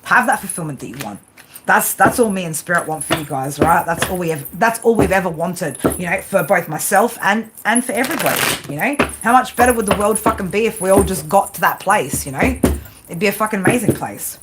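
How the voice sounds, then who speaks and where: Heavy background noise surrounds a woman giving live tarot readings in a mid-range voice with lively intonation and a brisk pace. She's blunt and rambling, swears heavily in a tough-love way, and tags her lines with "right?" again and again.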